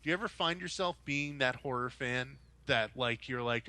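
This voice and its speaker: Young adult man, casual podcast chat, forceful bright tone, close dry sound, animated rambling. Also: medium pitch, moderate pace, few pauses, no echo. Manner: rambling, animated storytelling with mock-quoted voices. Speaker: podcast co-host.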